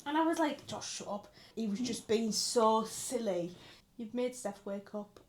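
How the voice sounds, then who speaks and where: Young girl chatting, kinda high voice, acts out quotes and swears a lot. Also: measured pace. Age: 20s. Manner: storytelling with acted-out quotes, frequent swearing. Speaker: podcast co-host. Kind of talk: casual chat.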